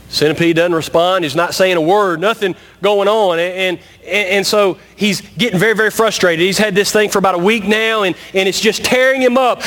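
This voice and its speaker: A man preaching a sermon in a church in a high voice. He is emphatic and repeats his points, speaking straight to his listeners as friends. He slows down to stress the key lines. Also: a bit bright. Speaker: pastor.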